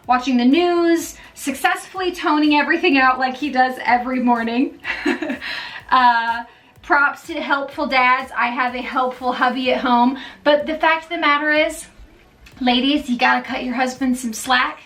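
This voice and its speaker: High-voiced woman, chatty encouraging vlogger. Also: normal speed, a bit bright, far from the mic. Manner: chatty, checks in often with "okay?" and "all right?". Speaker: mom vlogger. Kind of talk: casual encouraging vlog talk.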